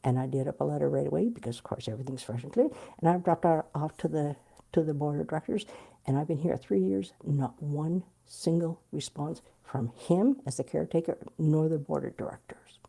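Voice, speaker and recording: Low-voiced woman telling a blunt story. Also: brisk, vocal fry, slightly rough. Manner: animated and blunt, swearing freely. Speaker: interviewee. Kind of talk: candid storytelling.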